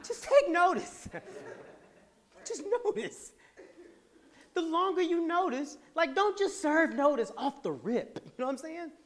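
Bright-voiced, animated male podcast speaker. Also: very high voice, slow, pauses often, a little hiss or hum. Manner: animated, laughing, preacher-like. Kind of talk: motivational talk to a live audience.

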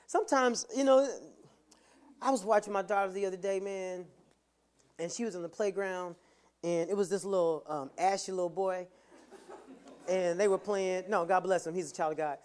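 A preacher giving a motivational sermon with playful humor, swinging from soft asides to loud, emphatic lines. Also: medium pitch, fairly even intonation, normal speed, long pauses, smooth.

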